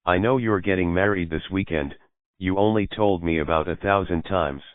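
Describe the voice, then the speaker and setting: A man's voice: sits low, moderate pace, no room sound, lightly acted. A man voicing a defensive, evasive young man who sounds exasperated. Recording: dry, phone-like lo-fi audio.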